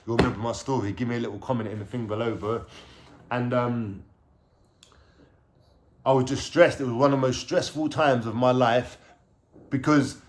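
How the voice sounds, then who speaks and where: A man with a London accent telling a personal story to camera in a casual, animated way, using heavy street slang and frequent swearing. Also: medium pitch, moderate pace, long pauses. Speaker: vlogger telling his life story.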